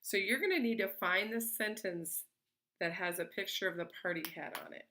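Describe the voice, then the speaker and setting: Bright-voiced patient woman teacher. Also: medium pitch. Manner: patient, encouraging, slow and clear. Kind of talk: remote early-grade lesson. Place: home.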